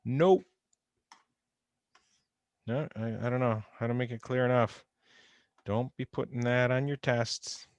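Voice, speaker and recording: A man gives a chemistry lecture over a video call, talking plainly and conversationally. He repeats his key points and leans on his warnings. His voice sits at a middle pitch, close and dry, with no room sound around it. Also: slow, long pauses, dry recording. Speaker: chemistry teacher. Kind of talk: recorded online lecture. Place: home or office on a video call. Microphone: computer microphone.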